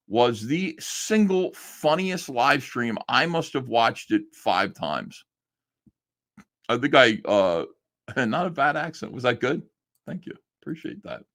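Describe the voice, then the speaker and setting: A man's voice: medium pitch, fairly bright tone. A man hosting a live stream in casual chat, laughing often as he reacts to clips.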